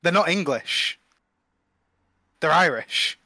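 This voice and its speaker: A man's voice: fairly high pitch, lively intonation, takes it slowly, a crowd in the background. A young man co-hosting a casual film review chat, laid-back and rambling, swearing offhand. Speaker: podcast co-host.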